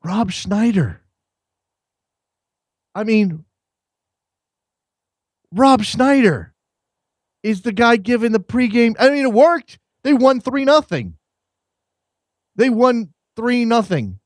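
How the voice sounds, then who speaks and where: A man's voice: very high voice, sing-song, takes it slowly, long pauses, no echo. A man hosting a soccer call-in show in a radio studio, chatting casually in a wry, rambling way and often repeating words. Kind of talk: casual chat.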